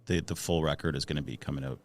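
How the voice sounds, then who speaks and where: Very deep gravelly-voiced man. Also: steady tone, quick pace, no room sound. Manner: hesitant, many fillers and restarts. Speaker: musician guest. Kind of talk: casual podcast interview.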